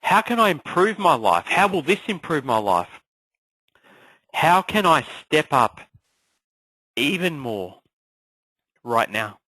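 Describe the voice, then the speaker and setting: A man coaching an online class in an energetic motivational style, firing off rhetorical questions. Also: on the high side, slow pace, pauses often, no echo, rough recording. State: clearing a frog in his throat. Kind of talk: motivational live class talk.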